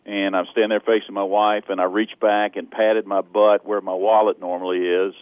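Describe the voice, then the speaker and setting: A man's voice: on the low side, moderate pace, no echo. A man from Texas calls in to a radio show and tells his story with plenty of energy and laughter. His voice comes over a thin, tinny phone line. The sound is dry, with no room around it. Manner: lively, laughs often, acts out shouting. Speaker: caller. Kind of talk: animated storytelling on a phone call. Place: phone call.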